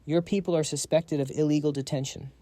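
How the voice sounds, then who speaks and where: A man's voice: on the high side, steady tone, fairly quick, mellow, no echo, natural voice. A man voicing a proud, powerful middle-aged father who speaks bossy and blunt. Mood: commanding.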